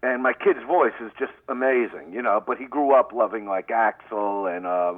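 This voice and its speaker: A man's voice: mid-range voice, expressive, normal speed, no echo. Brash Brooklyn man on a phone line. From Brooklyn, New York. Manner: brash, rambling, profane. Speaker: guest comedian. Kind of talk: phone-in radio interview. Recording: tinny phone line, dry.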